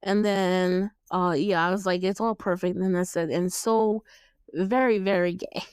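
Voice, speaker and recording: A young woman hosting a casual TV recap chat, animated and laughing, acting out lines in playful voices. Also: fairly low pitch, moderate pace, clear, resonant tone, dry recording. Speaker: podcast host.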